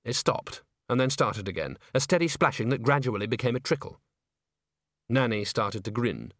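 A man's voice: mid-range voice, animated, moderate pace, a bit bright, no echo, clean studio sound. Man narrating a wry comic story. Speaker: audiobook narrator. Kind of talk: scripted narration.

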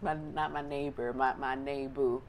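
A woman in casual conversation, expressive and quick to laugh. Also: rumbling low. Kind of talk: casual chat.

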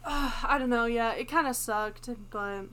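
Podcast co-host, young woman, high bright voice, chatty storyteller, quick to laugh; brief casting. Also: smooth. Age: young adult. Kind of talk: casual chat.

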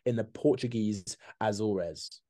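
A man co-hosting a casual podcast with a dark, mellow voice. He runs a light trivia quiz, teases his friend and laughs easily. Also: on the low side, slow. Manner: jokey, laughs often, says "mate" a lot, quizzes his co-host. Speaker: podcast co-host. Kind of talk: casual chat.

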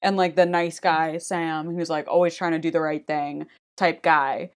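A woman's voice: deep voice, fairly even intonation, moderate pace. A woman co-hosting a podcast, talking bluntly with swearing and many fillers. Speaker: podcast co-host. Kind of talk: casual chat.

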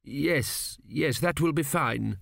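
A man's voice: slow, gravelly, fairly bright tone, no echo, clean studio sound, full character voice. A man voicing a nervous, unsure young king who hesitates and stammers. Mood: flustered. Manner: hesitant, stammering, raised pitch.

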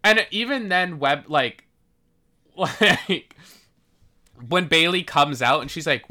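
A podcast co-host chatting casually about a TV drama, acting out scenes in high squeaky voices. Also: measured pace, long pauses, bright, forceful tone. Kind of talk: casual chat.

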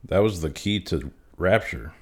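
Deep-voiced laid-back podcast co-host. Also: male voice, a little slow, slightly rough. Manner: laid-back, profane, explaining calmly. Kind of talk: casual chat.

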